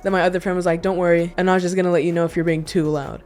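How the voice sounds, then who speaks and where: A woman's voice: lowish voice, little pitch movement, fast talker, a little mellow. A young woman vlogger in casual chat indoors, telling stories candidly and animatedly with lots of asides. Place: indoor room.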